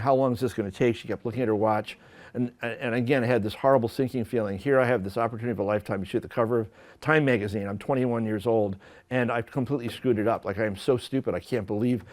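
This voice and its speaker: A man in a mid-range voice tells stories from his working life to a lecture audience. He is lively and self-mocking, with frequent false starts and rephrasings. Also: medium pitch. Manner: animated, self-deprecating storytelling with many restarts. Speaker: photographer giving a talk. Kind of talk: storytelling lecture. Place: lecture hall at an art school.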